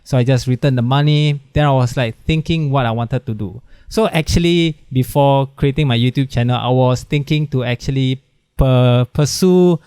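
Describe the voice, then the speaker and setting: A young man talks as a podcast guest over a video call, his voice smooth and clear at a middle pitch. The sound is dry and close, with no room around it. He rambles casually, leaning on "like" and "right". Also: moderate pace, a little mellow, dry recording. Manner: rambling, many "like" and "right" fillers. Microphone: video call over the internet.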